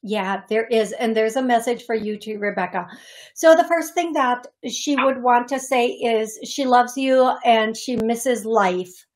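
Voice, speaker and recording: Chatty high-voiced woman radio medium. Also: measured pace. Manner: chatty, emotional, warm-hearted, uses fillers. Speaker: psychic medium radio host. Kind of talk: call-in reading on radio. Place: radio studio.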